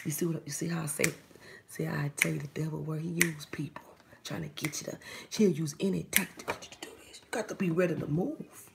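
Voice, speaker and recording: A woman's voice: low-pitched, gravelly, background noise. A woman giving a spiritual reading straight to the listener, preachy and often dropping into a whisper. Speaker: psychic reader.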